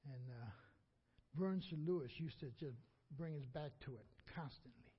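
A man's voice: fairly high pitch, moderate pace, slightly rough, dull audio. A man preaching a sermon as pastor. He repeats lines for emphasis and leaves gaps for the congregation to answer.

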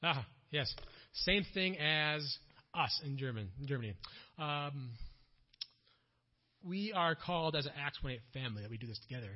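A man's voice: a little high, moderate pace, long pauses. A man speaking as a missionary at a church conference, telling stories from his work and acting out the people in them. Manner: animated storyteller, acts out quotes loudly. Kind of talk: mission talk with storytelling. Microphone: church PA recording. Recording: dull lo-fi audio.

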